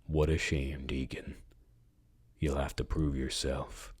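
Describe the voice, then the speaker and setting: Villain: man doing a cold, calm casino boss, very deep and husky, slow and quietly threatening. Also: exaggerated voice. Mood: cold menace. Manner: slow, quiet, restrained menace. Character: menacing, coldly calm male casino boss.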